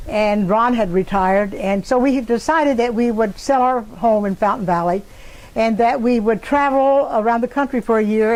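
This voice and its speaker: An older woman telling a personal story in an interview, pausing often with fillers and restarts. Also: medium pitch, a little mellow, low-quality recording. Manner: halting, many fillers and restarts. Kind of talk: casual spoken recollection.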